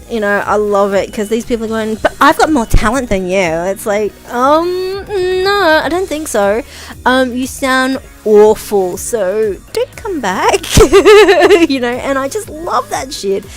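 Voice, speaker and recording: A woman vlogging casual commentary on video listings, rambling with many ums and frequent chuckles. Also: mid-range voice.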